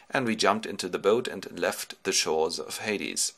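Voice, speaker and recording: A man's voice: fairly low pitch, fairly quick, hardly any pauses, bright, forceful tone. A man from Germany giving a playful, colloquial comic retelling of a classic epic in the first person. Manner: playful, colloquial, jumps into character voices.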